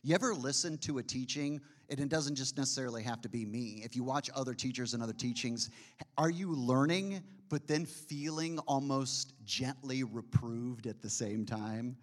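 A man preaching a sermon in a conversational way, often asking his listeners questions and slowing to a hush on key phrases. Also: medium pitch.

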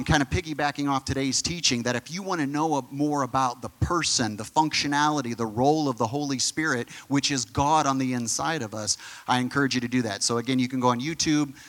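A man's voice: mid-range voice, brisk, few pauses, a bit bright. A man pastor preaching a conversational sermon, full of fillers and questions to the congregation.

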